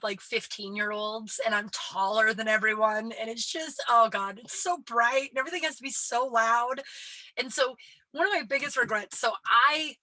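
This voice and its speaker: A woman's voice: fairly high pitch, sharp tone, no echo. A woman in her late thirties hosting a podcast, telling stories in a chatty, self-deprecating way, filling her talk with "like" and casual swearing. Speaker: podcast host and comedian. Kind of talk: casual storytelling monologue.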